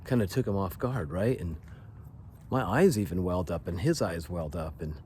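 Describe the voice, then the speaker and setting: Guy in his 40s, kinda low voice, earnest confessional storytime, stumbles and restarts a lot. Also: darkish tone, a little hiss or hum. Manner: earnest, halting, restarts often. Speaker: vlogger sharing a personal story.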